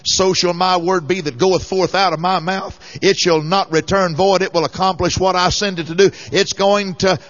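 A high, fairly bright male voice delivers sermon stories at a moderate pace, with fairly even intonation and hardly any pauses. The lo-fi recording is muffled, and his folksy tone rises to fervent exhortation.

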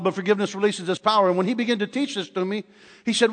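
An older man preaching a sermon in a church, telling stories with animated humor. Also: sits high, rapid-fire. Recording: long hall reverb.

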